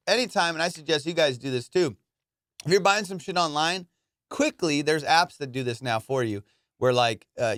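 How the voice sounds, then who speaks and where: A man hosting a podcast, telling stories in a casual, profane, animated way and acting out his friends' lines. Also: mid-range voice, dry recording, studio quality. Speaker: podcast host. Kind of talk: casual storytelling chat.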